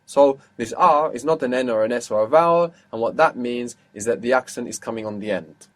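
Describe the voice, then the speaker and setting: A man teaching an audio language lesson, patiently asking questions and repeating words slowly. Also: medium pitch.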